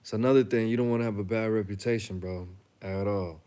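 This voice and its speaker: A man's voice: on the low side, fairly even intonation, quick pace, warm tone, clean tone. A young man hosting a reaction channel, talking casually and bluntly to the camera, joking and telling stories in slang. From Chicago.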